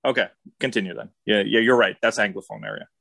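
A man's voice: fairly low pitch, fairly even intonation, gravelly, fairly bright tone. A man hosting a casual chat, chiming in with brief questions and laughs. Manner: short prompts and laughs, quick questions. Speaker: podcast host.

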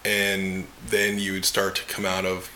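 A man's voice: deep voice, completely flat delivery, measured pace, sharp tone, slight background noise. A man hosting a casual podcast chat, swearing casually and backing up his guest. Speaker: podcast host.

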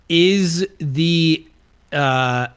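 A man's voice: a little high, clean tone. A man playing a party game with friends, hesitant and rambling, often laughing. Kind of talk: casual chat, party game.

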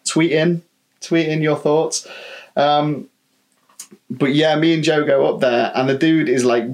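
A man's voice: fairly high pitch, steady tone, measured pace, a little mellow. A man, a podcast co-host telling a casual anecdote from his time as a holiday rep, acting out quotes and swearing freely. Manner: chatty, swearing, acts out quotes. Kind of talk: casual storytelling chat.

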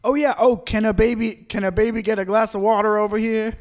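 A man's voice: high voice, fairly even intonation, fast. A man co-hosting a comedy podcast, riffing with jokey asides in casual chat. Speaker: podcast co-host.

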